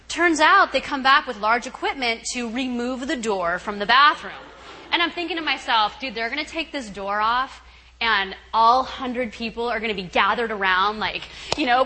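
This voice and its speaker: A young woman as guest speaker telling a story, animated, acting out her own thoughts with shouts and laughs. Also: fairly high pitch, slight background noise. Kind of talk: storytelling talk. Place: camp meeting hall. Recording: long hall reverb, faint ambience.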